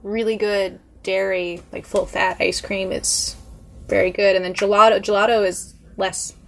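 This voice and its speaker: A woman's voice: mid-range voice, little pitch movement, normal speed, gravelly. A young woman in a casual podcast chat, explaining things in a hesitant way with fillers.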